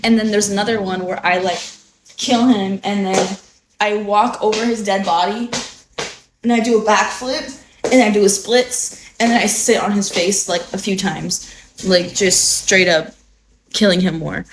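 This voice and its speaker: A woman's voice: medium pitch, fairly even intonation, measured pace, background noise. Giggly young woman livestreaming from home. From United States. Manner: giggly, chatty, swears freely. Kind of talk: casual livestream chat.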